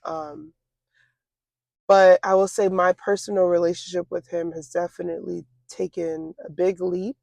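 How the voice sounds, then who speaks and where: A young woman in her twenties with a gravelly, creaky edge to her medium-pitched voice. She talks things through slowly, circling back with fillers and restarts. The sound is dry and close, with no room around it. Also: level tone, darkish tone, dry recording. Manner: reflective, halting, with many fillers and restarts. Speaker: interview guest. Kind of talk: casual conversation.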